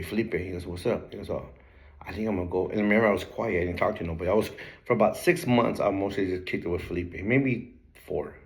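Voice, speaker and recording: A young man hosting his own channel, telling his life story in a relaxed, slang-heavy way with plenty of swearing. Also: deep voice. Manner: laid-back street slang, swears a lot, breaks into laughter. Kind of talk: casual storytelling to camera.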